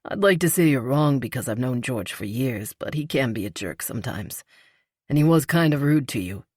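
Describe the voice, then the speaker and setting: A woman narrator voicing a veteran male firefighter in a romance audiobook, friendly and low-key. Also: lively intonation, normal speed, darkish tone, breathy edge, no room sound, studio quality, exaggerated voice. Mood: reassuring. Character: man, veteran firefighter, easygoing and earnest. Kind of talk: audiobook character reading.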